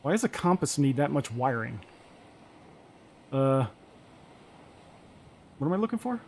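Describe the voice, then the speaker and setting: A man's voice: medium pitch, sing-song, a little slow, darkish tone, slight background noise. A man casually chatting and thinking aloud while playing a survival game on stream. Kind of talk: casual let's-play chat.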